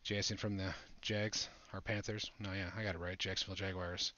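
A man hosting a live trading-card break, chatting excitedly with viewers as he opens packs. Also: sits low, brisk. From Buffalo area, United States. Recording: dull lo-fi audio.

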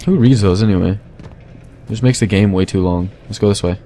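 A young man giving goofy, casual commentary over his own gameplay, talking to his weapons and now and then yelling at them. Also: lowish voice, brisk. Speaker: let's play gamer. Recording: faint game noise behind. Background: game gunfire.

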